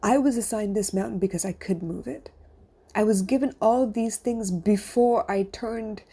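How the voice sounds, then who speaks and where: A woman's voice: mid-range voice, moderate pace, warm tone, breathy edge. A middle-aged woman, a coach and podcast host, speaking in an earnest, confessional monologue that sometimes drops to a whisper.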